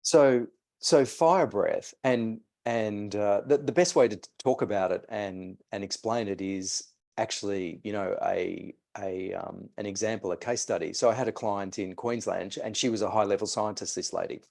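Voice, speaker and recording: A man's voice: on the low side, moderate pace, vocal fry, darkish tone. A man, a mindset coach telling a client story and guiding a breathing exercise. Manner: storytelling, re-enacts conversations.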